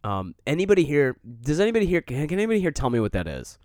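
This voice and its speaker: A man's voice: on the high side, big pitch swings, racing, a little mellow, no room sound, clean studio sound. Laid-back male podcast host telling stories. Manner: storytelling, easy laughter, acts out other people's lines. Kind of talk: casual podcast chat.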